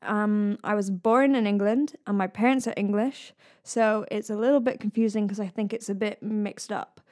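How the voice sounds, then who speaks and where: Woman, soft Scottish accent, voice coach, casual musing chat, easy laughter. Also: medium pitch, fairly even intonation, moderate pace, no room sound, studio quality. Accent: soft east-coast Scottish. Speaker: host, voice coach.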